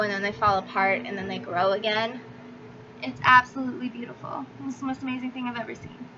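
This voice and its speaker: A young woman reviewing a book in a casual vlog, talking in a chatty, filler-heavy way and swearing freely. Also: fairly high pitch. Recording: slightly dull audio with faint hiss.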